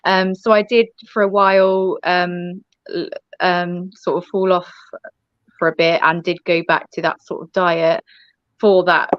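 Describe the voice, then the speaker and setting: Low-voiced woman on a dull, dry line. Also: level tone, no room sound. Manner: halting, many ums and restarts. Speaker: guest. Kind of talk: casual interview.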